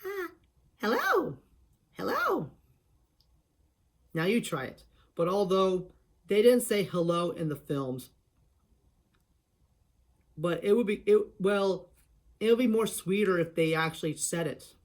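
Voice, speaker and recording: A man's voice: high voice, unhurried, pauses often, a little mellow. Rambling eager man teaching impressions. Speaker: host of an impression tutorial. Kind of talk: casual tutorial talk.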